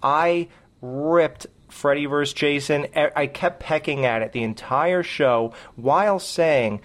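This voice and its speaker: A man's voice: medium pitch, moderate pace. Ranting, sarcastic man co-hosting a podcast. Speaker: podcast co-host. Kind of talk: casual podcast chat.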